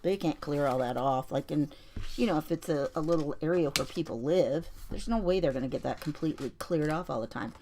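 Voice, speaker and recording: Chatty woman crafter, low voice. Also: brisk, a little mellow, slight background noise. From Colorado. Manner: chatty, storytelling, greets viewers by name. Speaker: junk journal crafter on a livestream. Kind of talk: casual craft livestream chat.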